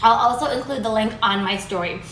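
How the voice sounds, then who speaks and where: A woman hosting a live cooking demonstration in a kitchen, chatty, bubbly and easily excited. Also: a little high, fairly quick, roomy sound, slight background noise. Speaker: cooking show host.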